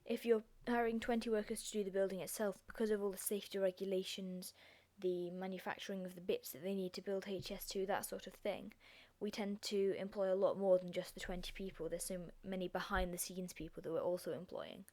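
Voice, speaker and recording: A young woman with a croaky, hoarse voice, hosting a chatty, self-deprecating revision lesson. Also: mid-range voice, level tone, a little fast, hardly any pauses, warm tone. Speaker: revision video host.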